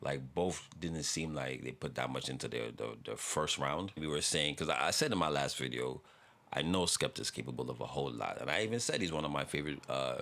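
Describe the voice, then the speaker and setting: A man's voice: extremely low pitch, expressive, a little fast, gravelly, sharp tone. A man hosting a music reaction video, talking in a laid-back, rambling way with frequent laughs and casual swearing.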